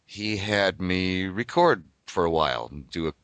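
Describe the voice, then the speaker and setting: A man's voice: low-pitched, a little slow, fairly bright tone, smooth, no echo. An older man, a voice actor, talking thoughtfully and explaining his craft in an interview. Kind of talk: reflective interview talk.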